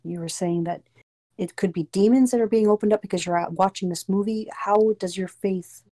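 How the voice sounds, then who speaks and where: A woman interviewer puts thoughtful follow-up questions to her guest in a relaxed, conversational way. Her voice sits at a middle pitch. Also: brisk.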